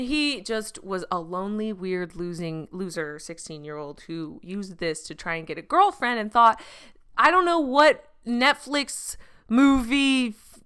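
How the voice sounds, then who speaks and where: A woman's voice: fairly high pitch, lively intonation, a little slow, a bit bright, smooth. A young woman hosting a comedy podcast, telling a crude, profanity-laced story with jokey asides. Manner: crude, profane, jokey with put-on quoted voices. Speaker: podcast host.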